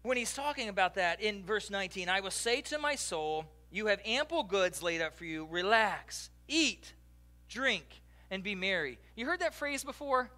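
A man preaching a sermon as a pastor, joking and talking directly to the congregation in a lively, conversational way. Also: high-pitched, moderate pace. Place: church.

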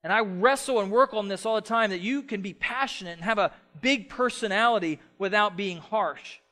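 A middle-aged man preaching a sermon as pastor, passionate, shifting between loud emphatic stretches and soft quiet ones. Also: sits high, moderate pace.

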